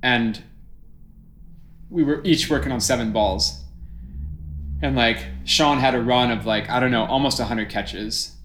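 A man's voice: mid-range voice, unhurried, pauses often, fairly bright tone, a little hiss or hum. A middle-aged male juggler in casual conversation, reflecting on learning skills at length. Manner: reflective, explains ideas at length. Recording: roomy echo.

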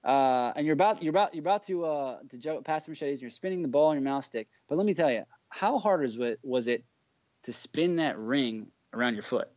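A man guest juggler from the United States, chatting on a podcast as an animated storyteller who acts out the quotes. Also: mid-range voice, brisk, dry recording. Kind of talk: casual podcast chat. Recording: dull, dry lo-fi sound.

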